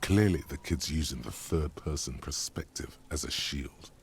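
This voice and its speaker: A cavernously deep, gravelly voice narrates from inside the head, grim and deadpan. The tone stays level and dry throughout the video game scenes. A faint hiss sits underneath. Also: male voice, moderate pace.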